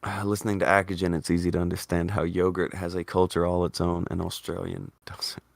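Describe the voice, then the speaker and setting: A man hosts a casual chat show in a deep, gravelly voice. He argues animatedly and swears freely, his pitch leaping up when he pushes back. The sound is close and dry. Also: monotone, fairly quick, no echo. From Indiana. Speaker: podcast host.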